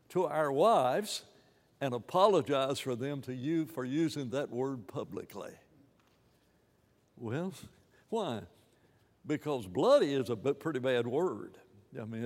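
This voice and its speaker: Animated preacher man in a reverberant hall. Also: medium pitch. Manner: animated, rambling, many restarts and fillers. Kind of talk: sermon.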